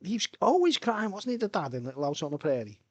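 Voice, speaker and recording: Man, casual streamer, rambling and chuckly, a bit high, dry close sound. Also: sing-song, quick pace, no room sound, highs cut off. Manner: rambling, chuckling between thoughts. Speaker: live streamer. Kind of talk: casual live-stream chat.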